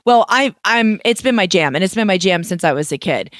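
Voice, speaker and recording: A woman chatting on a podcast with an easy laugh, often trailing off before she finishes a thought. Her voice sits at a middle pitch. The sound is dry and close. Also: lively intonation, brisk, dry recording. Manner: chatty, laughs easily, trails off mid-sentence. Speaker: podcast co-host. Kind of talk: casual chat.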